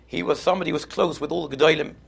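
Gravelly-voiced man telling a sermon story. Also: a little high, rapid-fire. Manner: animated, lively storytelling. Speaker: rabbi giving a Torah talk.

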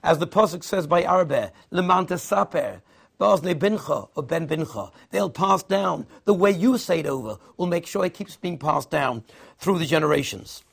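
A man delivers a sermon, dropping Hebrew and Yiddish terms into his English teaching. His voice sits a little high, with a gravelly rasp and a husky, breathy texture. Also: expressive, moderate pace. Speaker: rabbi giving a Torah talk.

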